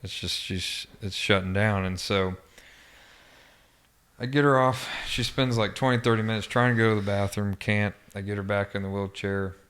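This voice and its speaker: A man as a podcast guest, recounting a personal memory in a halting way, with frequent restarts and fillers, subdued and quiet at times. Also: fairly low pitch, fairly even intonation, clear, resonant tone. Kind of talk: personal recollection in an interview.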